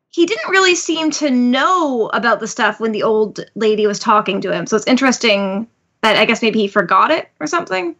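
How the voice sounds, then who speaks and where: A woman's voice: fairly high pitch, lively intonation, brisk, bright, forceful tone. A woman hosting a podcast, chatting casually as she recaps a manga chapter. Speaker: podcast host. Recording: slightly muffled podcast audio.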